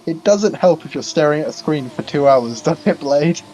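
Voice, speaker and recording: Higher-voiced man co-commentating. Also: animated, normal speed, mellow, slight background noise, poor audio. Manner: informative, mock-formal when reading promos. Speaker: sim racing co-commentator. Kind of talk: casual livestream commentary.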